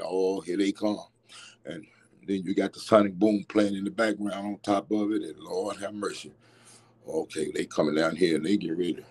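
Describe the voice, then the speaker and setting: Husky-voiced man telling old stories. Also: on the low side, rough recording. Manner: rambling, animated recollection with restarts. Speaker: former player interviewee. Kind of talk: casual storytelling.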